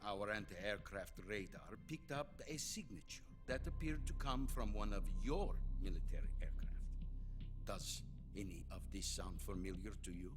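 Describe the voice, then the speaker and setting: An actor playing a stern older Soviet premier with a Russian accent, speaking in a grave, accusatory way in a video game cutscene. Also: male voice, on the low side, lively intonation, moderate pace, music in the background, close to an everyday voice. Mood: menacing.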